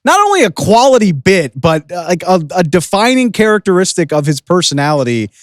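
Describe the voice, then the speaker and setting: A chatty male sports podcast host with a fairly high, very animated voice, keen and opinionated. The sound is close and dry, with no room echo. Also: a little fast. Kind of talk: casual commentary.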